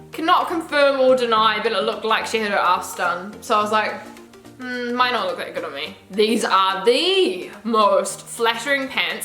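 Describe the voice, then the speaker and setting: A woman's voice: on the high side, bright, forceful tone, reverberant. Gushing young New woman vlogger. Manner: gushing, chatty, swears casually. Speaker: fashion vlogger. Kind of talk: casual try-on haul chat.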